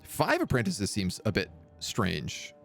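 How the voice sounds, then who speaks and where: A man's voice: fairly low pitch, huge pitch swings, takes it slowly, gravelly, fairly bright tone. A man streaming a strategy game, musing aloud as he weighs options. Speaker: live streamer. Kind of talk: gameplay commentary. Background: game music.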